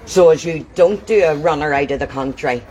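A woman's voice: low-pitched, fairly quick, darkish tone, a little hiss or hum. A woman angrily interrogating a man during a confrontation outdoors. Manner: accusing, interrogating. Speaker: confronting vigilante. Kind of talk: heated confrontation.

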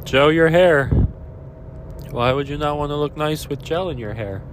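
A man's voice: fairly high pitch, moderate pace, slight background noise. A young man vlogging from his car, close to tears, rambling and criticizing himself. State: on the verge of tears. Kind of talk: confessional selfie vlog.

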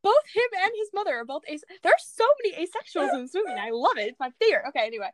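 Excitable young woman, high pitched, rambling, laughs a lot. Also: racing, a little hiss or hum. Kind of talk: casual chat.

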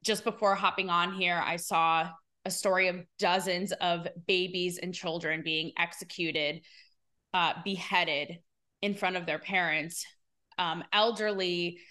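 A woman's voice: on the low side, steady tone, measured pace, pushed and bright. A woman hosting her own podcast, giving candid, rambling, emotional commentary and fighting back tears. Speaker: podcast host.

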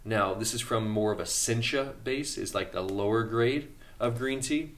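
A man who is a health practitioner, chatting on a health podcast and telling a story with excitement, often laughing as he talks. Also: lowish voice, normal speed. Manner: excitable storytelling, laughs through his words. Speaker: health practitioner and regular expert on a health show. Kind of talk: casual podcast chat.

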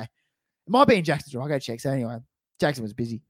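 A man's voice: medium pitch, fast talker, no room sound, studio quality. A young Australian man telling a story in casual podcast chat, laughing and acting out quotes. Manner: animated, laughing storyteller who acts out quotes. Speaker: podcast co-host.

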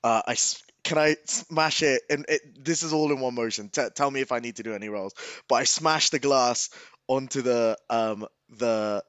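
A man playing in a tabletop game, talking casually and excitably with halting restarts. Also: mid-range voice, no room sound. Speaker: player.

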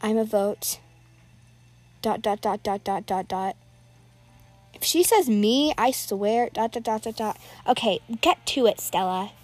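A woman's voice: medium pitch, animated, unhurried, long pauses, darkish tone. A woman giving live, rambling commentary while playing an online game, nervously narrating every move aloud.

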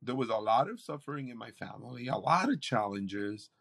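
A man, a campus pastor, telling a personal testimony in conversation, animated and acting out what others said. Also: mid-range voice, brisk, vocal fry, slightly rough. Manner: animated storytelling, acts out quoted voices.

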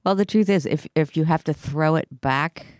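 A woman in a casual podcast chat, offering supportive short affirmations and measured insight. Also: low voice, a little mellow, no echo, studio quality.

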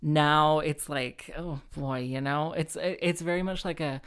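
A woman's voice: sits low, steady tone, a little slow, smooth. A woman hosting her own show, talking in a rambling, self-mocking way, full of fillers, restarts and giggles. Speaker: solo show host and harpist. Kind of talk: rambling casual monologue.

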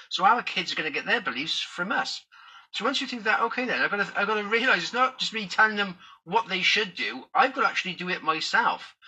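A man vlogging in a casual, rambling way, working through an idea out loud as he talks to his viewers. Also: high voice, breathy edge, low-quality recording. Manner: rambling, thinking aloud. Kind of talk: casual talk to camera.

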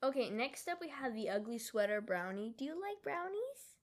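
A young woman co-hosting a relaxed podcast chat. She talks in a slightly high voice, chatty and loose, filling her sentences with "like" as she goes down her list. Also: moderate pace. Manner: chatty, lists items with frequent "like". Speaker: podcast co-host. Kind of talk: casual chat.

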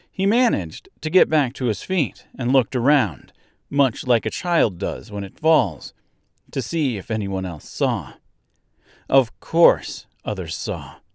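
A male storyteller reads a children's tale in a slow, unhurried, deliberate way. His voice sits at an ordinary middle pitch, and it is recorded close on the mic with a dry sound and no room echo. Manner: slow, measured and even. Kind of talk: scripted storybook narration.

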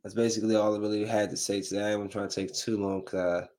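A man's voice: fairly low pitch, flat delivery, fast talker, a little mellow. A man in his thirties hosting a casual solo podcast, talking loosely and ranting with growing animation when something annoys him. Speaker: podcast host.

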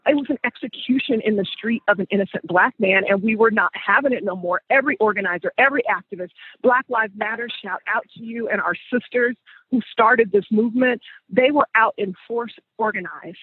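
A man with a high, very husky voice tells a story as a podcast host, leaning hard on repeated phrases. The sound is dry and thin, like a phone line. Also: a little fast, dry recording. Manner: emphatic, repeats phrases for weight. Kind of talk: conversational storytelling.

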